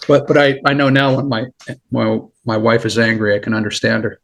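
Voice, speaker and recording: Brief: middle-aged male guest, gravelly, animated storyteller with frequent laughs, mid pitch. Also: fairly quick. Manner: animated storyteller, laughs often, repeats words. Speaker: guest, former federal agent. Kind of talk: casual storytelling.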